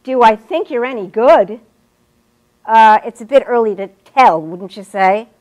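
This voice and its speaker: A woman's voice: fairly high pitch, unhurried, darkish tone, close to an everyday voice. An actress playing an established woman writer who lectures her student with precise, pointed speech in a stage scene. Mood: dry. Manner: lecturing, precise, wide-ranging inflection. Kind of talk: stage scene performed on a talk show.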